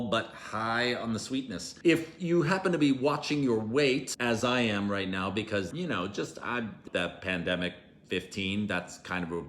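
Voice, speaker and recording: A man's voice: mid-range voice, a bit bright. A man hosting a casual home bartending vlog, chatty and self-deprecating, with playful emphasis. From New York. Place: home bar.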